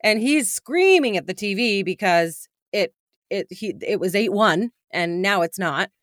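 A woman, chatting as a podcast co-host and telling lively stories with frequent laughter. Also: mid-range voice, measured pace, no echo, studio quality. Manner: animated storyteller, laughs often. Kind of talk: casual chat.

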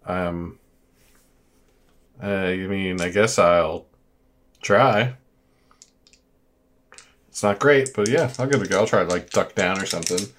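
A man's voice: low voice, slow, long pauses, a bit bright. A man playing a tabletop game, talking hesitantly and laughing at his rolls. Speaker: player. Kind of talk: casual tabletop play.

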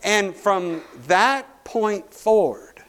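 Folksy pastor telling a story. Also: male voice, high voice, animated, very slow, fairly bright tone, clear, resonant tone. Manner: folksy storytelling with restarts and laughs. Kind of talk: sermon.

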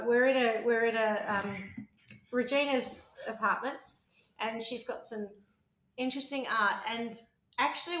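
A woman's voice: a little high, fairly bright tone. A woman chatting casually in an apartment, rambling through her thoughts and swearing freely. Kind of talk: casual chat. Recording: roomy echo.

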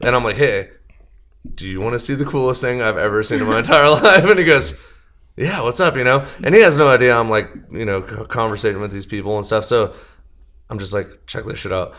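A young man telling a rambling, profane bar story on a podcast in a casual, animated way. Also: mid-range voice, fast. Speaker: podcast guest, band member.

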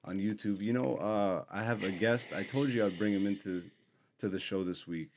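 A man's voice: on the low side, normal speed, a little mellow, slight background noise. A man hosting a podcast in casual, teasing banter, with loose trailing asides. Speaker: podcast host.

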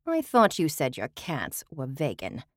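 A woman's voice: low-pitched, wildly swooping pitch, unhurried, no room sound, heavily acted. Haughty society dame with British airs, read by a woman; imperious, theatrical, dry close sound. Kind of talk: audiobook character voice.

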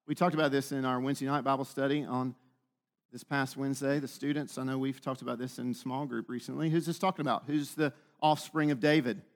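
A man's voice: mid-range voice, little pitch movement, a little fast. A man preaching a sermon, teaching with frequent rhetorical questions to the room. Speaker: pastor.

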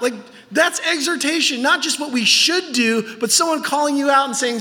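A man in his thirties preaching a sermon in a lively, joking way, his voice jumping up high whenever he quotes someone. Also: unhurried, in a large hall. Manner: animated and joking, pitch jumping up when quoting. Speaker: pastor.

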